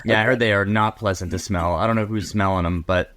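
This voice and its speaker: A man's voice: fairly low pitch, fairly even intonation, fast talker, fairly bright tone, slight background noise. An American man from Texas, a comedian guest on a podcast, joking crudely and laughing often. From Texas, USA. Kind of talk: casual podcast chat.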